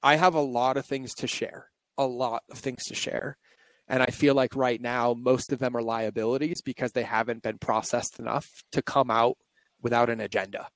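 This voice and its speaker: A man's voice: mid-range voice, fairly even intonation, normal speed, no room sound, poor audio. A male podcast host talking openly and reflectively in a candid conversation, his voice shaky and close to tears. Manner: open, reflective, confessional.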